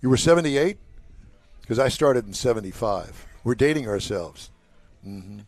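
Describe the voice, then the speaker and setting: A man's voice: medium pitch, expressive, normal speed, a little mellow, dry recording. A man in his sixties hosting a casual live show at an outdoor car show, joking and rambling between announcements. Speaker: show host.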